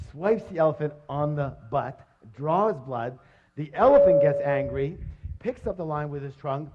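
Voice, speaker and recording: A middle-aged man giving a live motivational seminar, energetic and jokey, constantly quizzing his audience on a dull lo-fi recording. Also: on the high side.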